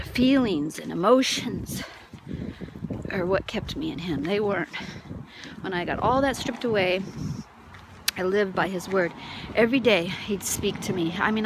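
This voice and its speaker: A woman giving an emotional personal testimony, often laughing softly and dropping into whispers. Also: medium pitch, background noise. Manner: tearful, laughing, drops to whispers. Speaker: Christian testimony speaker.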